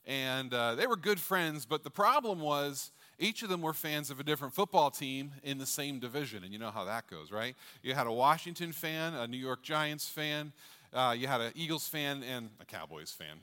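A middle-aged male pastor delivers his sermon in a loose, joking way, asking the crowd questions as he goes. His voice is bright and forceful. It carries through a large church hall with a long reverb tail. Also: mid-range voice, lively intonation, moderate pace. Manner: jokey, chatty, asks the crowd questions. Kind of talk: sermon with jokes.

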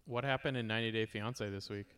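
A man in casual podcast chat, giving short, dry reactions and quiet comments. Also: fairly low pitch, steady tone, quick pace, smooth.

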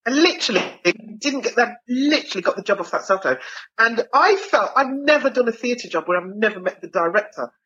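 Lively Birmingham actress telling stories. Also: female voice, a little high, fairly quick, breathy edge, lo-fi sound. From Birmingham, England. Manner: lively, expressive storyteller who acts out voices. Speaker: actor and guest. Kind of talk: casual interview chat.

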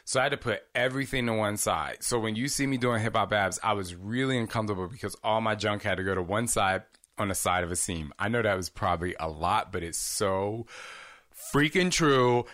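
A fitness host answers viewer questions in a casual Q&A vlog, chatty and candid, rambling off into asides. His voice is fairly low and fairly bright, his pace fairly quick, and the studio sound is clean with no echo.

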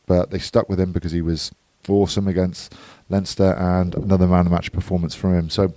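A man's voice: low-pitched, flat delivery, a little fast, warm tone. A man co-hosting a podcast, giving a matter-of-fact, analytical match recap in casual chat. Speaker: podcast co-host.

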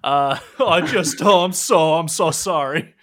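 A man's voice: on the high side, normal speed, pitched above the performer's own voice, natural voice. A man doing a flustered, clumsy big sailor. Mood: nervous. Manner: flustered, stammering, loud apologies. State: nervous sweat. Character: clumsy, nervous, apologetic big male sailor.

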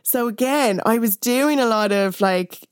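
Animated woman recapping in a dry booth. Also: on the high side, measured pace, clear, resonant tone, no room sound. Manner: animated recapping, acting out quoted lines, many fillers. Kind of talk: casual podcast chat.

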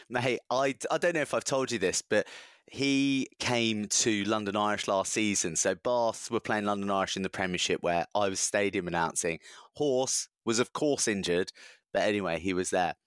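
A man co-hosting a casual rugby podcast, telling lively anecdotes and laughing often. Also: lowish voice, moderate pace, smooth, no room sound. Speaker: podcast co-host. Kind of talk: casual rugby chat and storytelling.

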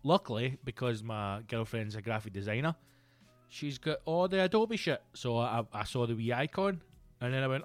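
A Scottish man in his thirties hosting a solo comedy podcast, telling rambling, sweary, animated stories. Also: medium pitch, normal speed, no echo, faint music behind. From Scotland. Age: 30s.

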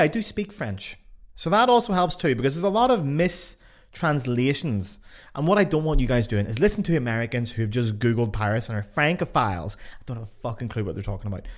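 A Northern Irish man talking straight into a podcast mic in a loose, unscripted monologue. He is blunt and swears freely. He pokes fun at himself with a dry edge, at a medium pitch. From Northern Ireland. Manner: blunt, sweary and self-mocking. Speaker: podcast host.

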